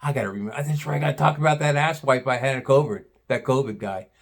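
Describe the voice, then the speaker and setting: A man's voice: medium pitch, fast talker. A retired butcher in his sixties telling a rambling, profane story about a customer. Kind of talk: casual storytelling.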